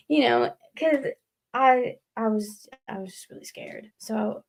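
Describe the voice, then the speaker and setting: A woman's voice: on the high side, normal speed, vocal fry. A young woman telling her recovery story as a guest in a casual live interview, earnest and rambling, with many fillers. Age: young adult. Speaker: guest leaving a recovery house.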